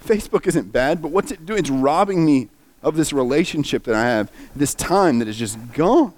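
A man's voice: a little high, expressive, normal speed, darkish tone. A man preaching, earnestly and emotionally retelling a story with feeling. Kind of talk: sermon storytelling.

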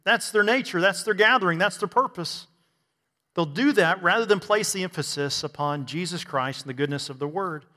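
A man's voice: high-pitched, normal speed, bright, forceful tone, long reverb tail. A man preaching a sermon to a congregation, asking rhetorical questions and adding bits of humor. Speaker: pastor.

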